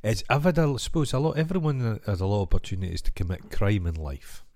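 A Scottish man hosting a podcast, chatting casually and telling animated stories in which he acts out the other people. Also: on the low side, fast, no echo, clean studio sound. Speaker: podcast host. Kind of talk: casual chat.

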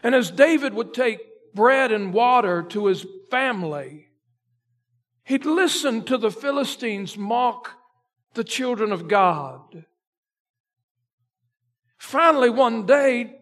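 A male pastor with an extremely high-pitched voice preaches a sermon, dramatically retelling a story. He swings between loud emphasis and a near hush.

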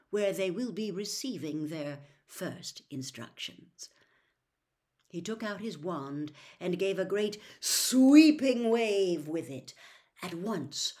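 A woman reading a novel aloud as a storyteller, narrating in a steady, expressive way. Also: lowish voice.

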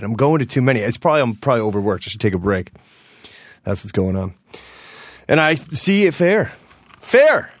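A man hosting a podcast in casual chat, animated and jumpy, cursing freely. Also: mid-range voice, no room sound, clean studio sound. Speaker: podcast host.

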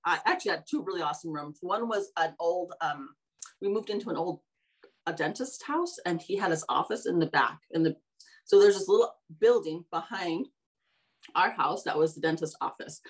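A woman's voice: on the low side, slightly rough, poor audio. A woman hosting a podcast, telling her life story in a rambling, casual way, correcting herself and laughing as she goes. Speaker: podcast host.

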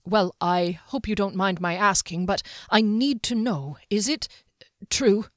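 A woman reading an audiobook and voicing an earnest, chivalrous young knight, gentle and hesitant, slow and careful. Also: mid-range voice, no echo, studio quality, natural voice.

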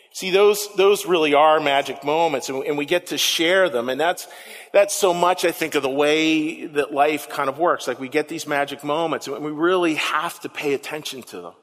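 A man preaching a sermon as pastor, telling the story with animated emphasis and repeating words for effect. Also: fairly high pitch, big-room sound.

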